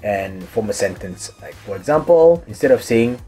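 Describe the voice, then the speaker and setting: A man's voice: on the low side, normal speed, breathy edge, faint music behind. A young man from Singapore with a Singaporean accent, chatting casually at home as he answers viewer questions. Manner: relaxed, chatty, explains with examples. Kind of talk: casual chat. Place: room at home with hobby figurines.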